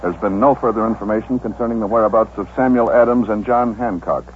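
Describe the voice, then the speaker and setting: A man plays a calm studio news anchor in an old radio drama, his fairly low voice measured and formal. The sound is thin and phone-like, with a faint hiss. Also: lightly acted. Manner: measured, formal announcer delivery.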